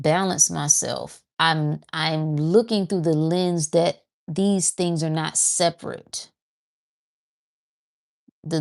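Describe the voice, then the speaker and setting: A woman hosting a casual spiritual talk, thinking aloud and repeating herself as she goes. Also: lowish voice. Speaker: host of a spiritual talk show.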